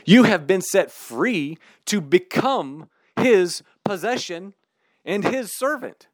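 A man preaching a sermon in an emphatic, candid, animated way. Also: high voice, slow, no echo, clean studio sound.

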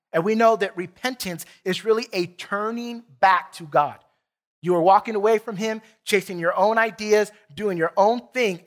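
A man's voice: sits high, fairly bright tone. Earnest man preaching a sermon. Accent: Texan. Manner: earnest, emphatic preaching with scripture readings. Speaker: pastor. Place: church sanctuary.

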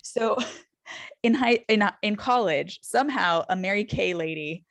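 A woman in her thirties chats casually on a podcast, spinning a story in an animated, filler-heavy way. Her voice sits at an ordinary middle pitch for a woman. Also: a little slow, dry recording. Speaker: podcast co-host.

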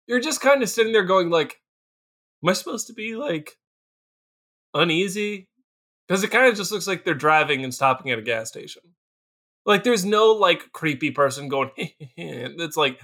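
A young man co-hosting a casual movie review podcast, talking in an animated, profane way with lots of restarts and playful quoted voices. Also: high voice. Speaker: podcast co-host.

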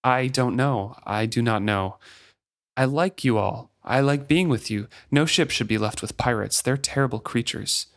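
A man's voice: mid-range voice, moderate pace, close to an everyday voice. A man voicing an anxious, childlike male ship figurehead who speaks plainly and pleads.

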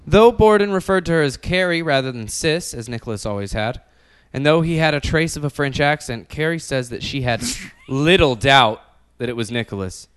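A man's voice: medium pitch, normal speed, few pauses, clear, resonant tone. A man hosting a podcast, recounting a true-crime story with profane asides. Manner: profane, animated, cuts in with jokes. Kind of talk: storytelling with casual chat.

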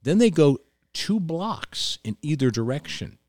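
A man's voice: a little high, very animated, measured pace, a little mellow, no echo. Man, restaurant owner, casual storytelling, profane, acts out quotes, dry close sound. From New York.

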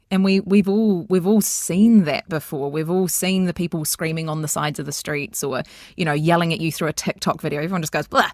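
A woman guest chatting on a podcast, animated and giggly, breaking into quick impressions. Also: deep voice, dry recording, studio quality. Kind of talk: casual podcast chat.

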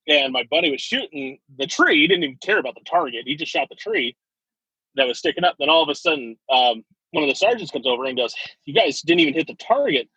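A man's voice: medium pitch, sharp tone, breathy edge, no room sound, highs cut off. A young man, an army veteran, telling stories in a casual chat and laughing often between them.

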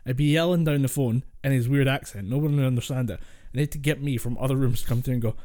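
Scottish male co-host, mid pitch, chatty storyteller who laughs easily. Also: steady tone, fast talker, mellow. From Scotland. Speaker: podcast co-host. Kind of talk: casual chat.

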